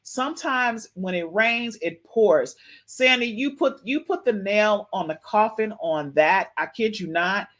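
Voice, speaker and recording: An excitable woman hosts a live podcast and speaks to her viewers in a slow, unhurried way. She circles back on her own words, repeating phrases as she reacts. Her pitch sits in a middle range. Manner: excitable, repeats herself, talks to chat. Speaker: podcast host. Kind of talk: livestream gossip commentary.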